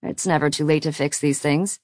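Woman reading as cocky teasing guy, lowish voice, bone dry recording. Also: fairly even intonation, normal speed, a little mellow, dry recording, lightly acted. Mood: smug teasing. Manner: dry, smug banter. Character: teasing, confident grown man, playful lover.

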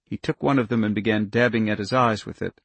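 A man reading a novel aloud in a measured, even way, dropping his voice for inner thoughts. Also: lowish voice, no echo. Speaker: audiobook narrator. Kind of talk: scripted narration.

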